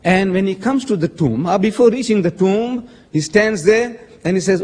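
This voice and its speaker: A man's voice: high-pitched, animated, moderate pace, hardly any pauses, darkish tone. A man arguing in a public religious debate, emphatic and pointed, quoting scripture with dramatic stress and addressing his opponent as sir. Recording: echoey hall with long reverb.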